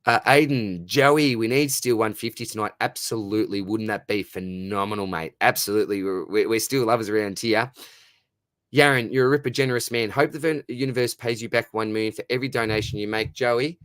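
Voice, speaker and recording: An Australian man, likely in his thirties, hosting a casual livestream and chatting warmly with viewers, often stumbling over and repeating his words. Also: lowish voice, steady tone, a little fast, no room sound, studio quality. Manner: warm, matey, repeats words, says mate constantly. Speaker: livestream host answering chat. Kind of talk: casual live-stream chat.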